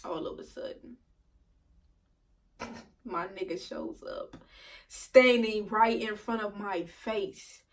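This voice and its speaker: A young woman telling a storytime vlog to her viewers, animated and profane, laughing often. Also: medium pitch, slow pace, pauses often, far from the mic. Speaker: vlogger.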